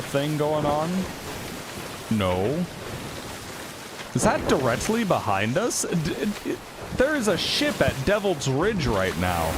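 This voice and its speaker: A gaming streamer with a medium-pitched voice chats casually during a live stream, swearing freely and thinking out loud as he plays. Loud game audio sits beneath his voice, full of sea and ship sounds, and there's background noise.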